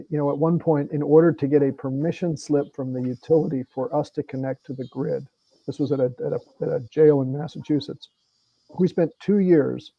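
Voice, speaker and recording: A man's voice: fairly high pitch, dry recording, dull audio. A middle-aged man, a congressman, talking earnestly and plainly with frequent restarts at a virtual meeting. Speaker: congressman guest. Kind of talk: conversational talk at a virtual meeting.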